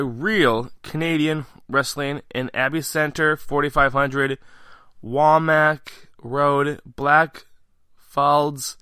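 A man hosting a podcast in a bright, crisp voice, talking close to a dry mic. He rambles with eager enthusiasm as he reads through a list of dates and places. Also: medium pitch, dry recording. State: out of breath. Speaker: podcast host. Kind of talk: casual podcast interview and event rundown.

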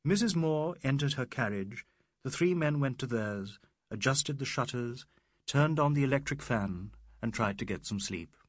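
A man reading a novel aloud as narrator, expressive and measured. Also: medium pitch, dry recording, studio quality. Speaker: audiobook narrator. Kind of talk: scripted narration.

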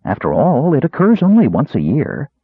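A worried, gentle noblewoman from a storybook, as a man reads her, soft and pleading with a husky edge. The sound is dry and thin, like over a phone. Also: on the high side, huge pitch swings, normal speed, no room sound, phone-quality sound, pitched above the performer's own voice, exaggerated voice. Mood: concerned. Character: concerned noblewoman, gentle, long-married wife.

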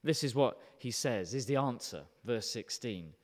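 A man preaching an animated, emphatic sermon, often putting questions to his listeners. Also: mid-range voice, a little slow, hardly any pauses, long reverb tail. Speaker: pastor.

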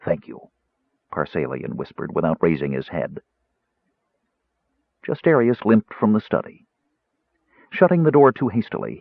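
A man giving a dramatic, lively narration of a fantasy audiobook. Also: on the low side, no room sound. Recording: tinny phone-like dry recording.

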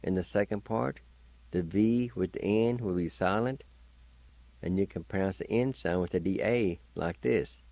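A man giving a patient pronunciation lesson, spelling out letters and repeating each syllable slowly. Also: sits low, warm tone, dry recording. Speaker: language teacher and radio host. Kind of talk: slow word-by-word pronunciation lesson.

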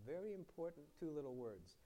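Man, pastor, sermon, high voice, loud then hushed, questions to the congregation. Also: big pitch swings, brisk. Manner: preaching with many questions to the congregation; swings from loud emphasis to quiet, low asides.

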